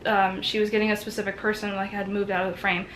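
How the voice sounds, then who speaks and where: A woman's voice: medium pitch, little pitch movement, quick pace, fairly bright tone, a little hiss or hum, poor audio. A woman in her twenties, a college student, telling a story in a casual, chatty way, with many fillers and acted-out quotes. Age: 20s.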